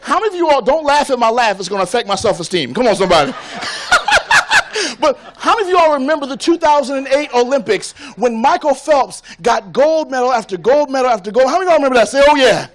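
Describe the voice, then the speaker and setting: A man from Florida giving an energetic motivational keynote on stage. He talks in a rhythmic, preacher-like cadence and keeps calling for responses from the audience. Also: very high-pitched, fast talker, few pauses. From Tampa, Florida. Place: conference stage before a live audience.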